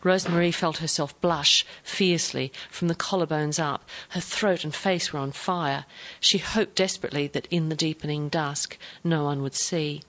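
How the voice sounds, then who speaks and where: A woman narrating a novel in a calm, even storytelling manner. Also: sits low, normal speed, few pauses. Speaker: audiobook narrator. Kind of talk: scripted narration.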